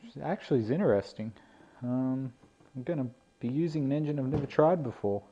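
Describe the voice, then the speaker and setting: Animated and fairly quick, with a mid-range voice, a hobbyist vlogger unboxes a model plane indoors in easygoing, self-deprecating style. The camera mic gives the sound a dull, lo-fi quality.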